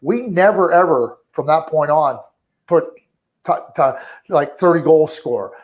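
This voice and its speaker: Talkative middle-aged man, slightly high voice. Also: a little slow. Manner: talkative, repeats words and restarts, animated when quoting. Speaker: hockey scouting director, guest. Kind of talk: conversational radio interview.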